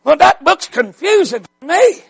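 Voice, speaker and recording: A preacher man delivers a fiery revival sermon in a strikingly high voice. He drags his words out slowly and breaks into shouts to hammer each point home. Every phrase lands with emphatic, unhurried force. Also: very animated, gravelly.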